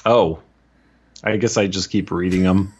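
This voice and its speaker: A man's voice: low voice, steady tone, a little slow, slightly rough. A man co-hosting a podcast, guessing answers in casual chat with a self-deprecating, hesitant manner. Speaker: podcast co-host.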